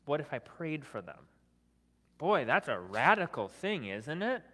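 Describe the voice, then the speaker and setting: A man's voice: on the high side, big pitch swings, a little slow, bright, forceful tone, long reverb tail, slight background noise. A man preaching a sermon as a guest speaker, talking conversationally, often adding "right?", with self-deprecating humor. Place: church sanctuary.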